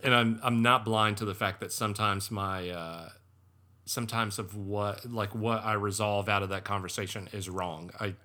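Casting note: male co-host, lowish pitch, bright and forceful tone, reflective, hesitant. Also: fairly even intonation. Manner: reflective, halting with many fillers, laughs easily. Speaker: podcast co-host. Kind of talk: casual podcast conversation.

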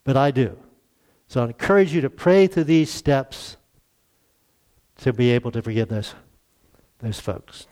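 A man's voice: medium pitch, animated, unhurried, pauses often, a little mellow. A man in his sixties preaching a conversational church sermon, chuckling often and asking rhetorical questions. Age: 60s. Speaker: pastor.

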